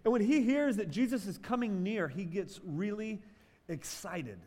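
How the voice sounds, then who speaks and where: A male pastor delivering a sermon, moving between loud emphatic bursts and quiet, drawn-out phrases. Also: high-pitched, expressive. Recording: long hall reverb.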